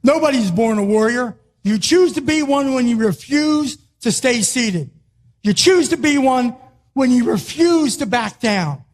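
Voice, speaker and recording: An older man with a notably high-pitched voice speaks to an audience in a motivational talk. He repeats his key phrases with emphasis and now and then rises to a shout. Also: expressive, a little slow, slight background noise. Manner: emphatic, repetitive, rising to a shout on key lines.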